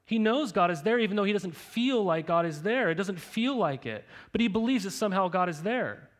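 A man's voice: sits high, lively intonation, fairly quick. A young man preaching a sermon to his congregation in a conversational way, full of rhetorical questions and "right?". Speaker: pastor.

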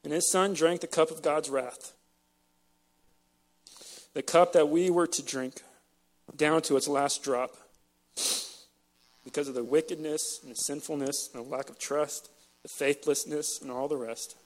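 A man's voice: fairly high pitch, steady tone, unhurried, pauses often. A man preaching a sermon with passion, emotional and choked up, often repeating words as he presses a point. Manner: impassioned, emotional, repeats words when stirred. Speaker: pastor.

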